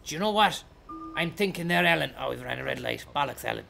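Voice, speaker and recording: A man's voice: on the high side, animated, fast, vocal fry, over music. An Irish man rambling jokily through a live stream, thanking donors by name.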